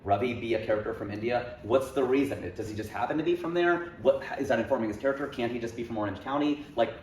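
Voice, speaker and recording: A man in his forties talks quickly and with animated, joking conviction as a comedian guest in a casual interview. His voice sits at an average pitch and carries a roomy echo over a faint hiss of noise.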